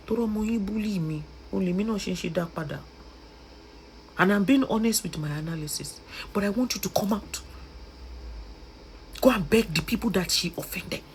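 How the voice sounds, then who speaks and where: A woman's voice: fairly low pitch, a little hiss or hum, rough recording. A young woman with a Nigerian Yoruba accent giving emotional vlog commentary, pleading and scolding by turns. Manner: impassioned, switching between pleading and scolding. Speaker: social media commentator.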